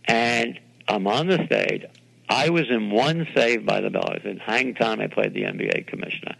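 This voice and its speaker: An older man from New York City, a television producer being interviewed, telling animated anecdotes and acting out the voices of people he quotes. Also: lowish voice, moderate pace, creaky, poor audio. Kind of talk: interview storytelling.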